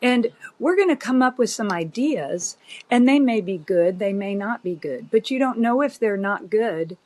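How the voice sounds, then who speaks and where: A woman in her fifties, a doctor and podcast guest, speaking in a measured, reflective way with frequent pauses and fillers. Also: mid-range voice, lively intonation, a little mellow. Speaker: OB-GYN guest. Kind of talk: conversational podcast interview.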